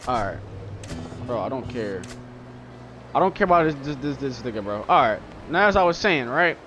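An excitable man rants profanely while playing a game, his voice swinging up and down. He talks close to the mic, and the sound is dull and lo-fi. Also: medium pitch, moderate pace, faint music behind. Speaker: gaming channel host. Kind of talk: let's-play gaming commentary.

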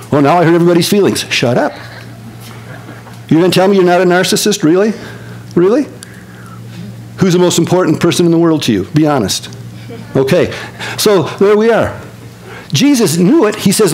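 An older man preaching a sermon as pastor, telling stories with lively swings from excited high tones to low hushed earnestness. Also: low-quality recording.

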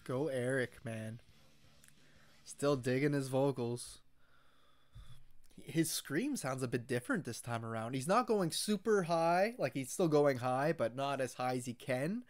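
A man's voice: medium pitch, animated, a little slow. A man hosting a music reaction, talking in an easygoing, casual way with filler words, like an enthusiastic fan.

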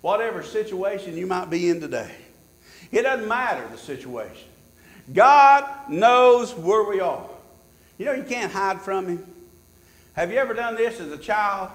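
A man preaching a sermon as pastor, swinging from loud shouts to hushed tones. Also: high voice, big pitch swings, normal speed. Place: church. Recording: echoey church sanctuary.

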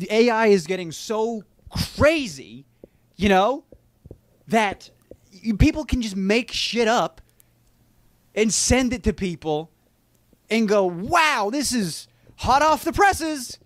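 A man talking to camera in a video, rambling and stammering, animated as he tells his story. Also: a little high, no room sound. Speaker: YouTuber in a played clip.

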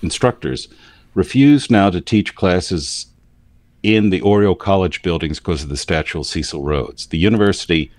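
A man's voice: deep voice, moderate pace, darkish tone, dry recording. A man with a standard American accent, co-hosting a casual news discussion and explaining things at length. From Philadelphia area, United States. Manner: talks in long explanatory stretches. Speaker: news commentator co-host.

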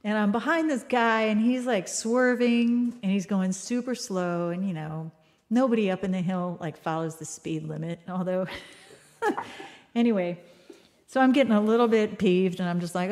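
A woman's voice: mid-range voice, normal speed, darkish tone. A woman hosting a music livestream, telling a story in casual chat and acting out the voices with laughs.

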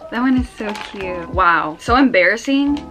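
A woman's voice: medium pitch, expressive, a little slow. A young woman filming an unboxing vlog at home, gushing, squealing and tearful, repeating herself breathlessly. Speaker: vlogger. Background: background music.

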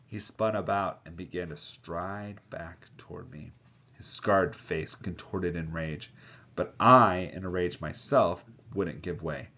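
A man's voice: low-pitched, measured pace, fairly bright tone. A man reading a novel aloud, voicing the characters and breaking off now and then to comment. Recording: dull lo-fi sound.

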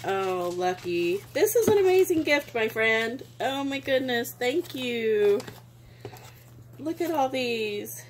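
A woman vlogger opens craft mail slowly, her fairly high voice sing-song as she gushes and exclaims sentimentally throughout the casual unboxing. A little hiss or hum can be heard in the recording.

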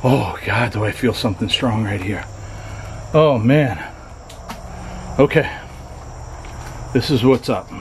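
A man of middle pitch films himself in a run-down trailer in the dead of night, his voice nervous and often sinking to a whisper. He swears a lot as he talks to the camera. Loud crickets and insects chirp behind him on the camera mic. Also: takes it slowly, long pauses, slight background noise. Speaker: paranormal vlogger. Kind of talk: nervous ghost-hunting vlog narration. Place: abandoned trailer at night, in and out of doors.

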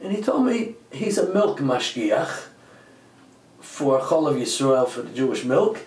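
A man who is a lecturer, telling a story in an interview with lively delivery, slipping into voices and repeating words. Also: mid-range voice, a little slow. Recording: roomy, distant mic.

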